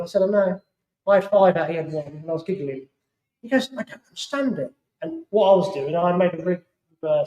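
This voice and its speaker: A man's voice: sits high, mellow. A middle-aged English man giving a live talk to an audience, telling fishing stories in a chatty way. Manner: chatty storyteller, acts out other people's lines. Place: club hall. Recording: roomy hall echo.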